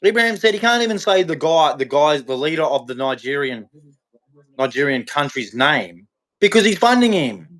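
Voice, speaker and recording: A male live-show host with a slightly high, fairly bright voice speaks at normal speed, his pitch swinging widely. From a hot room in Queensland, he gives unscripted commentary that is heated, rambling and repetitive, often restarting sentences.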